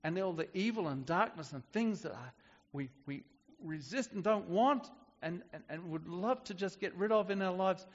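A man's voice: high voice, animated, moderate pace, muffled recording. Preacher man in a reverberant hall. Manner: conversational with frequent restarts and fillers. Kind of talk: sermon.

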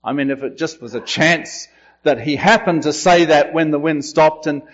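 A man preaching a sermon with slow, emphatic delivery, his voice rising when he quotes. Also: on the high side, dull audio. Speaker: pastor.

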